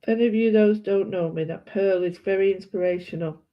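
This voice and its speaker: A woman's voice: medium pitch, a little fast. Rambling British woman, dull lo-fi sound. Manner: rambling, chatty, self-correcting. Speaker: art vlogger. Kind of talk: casual chat while colouring.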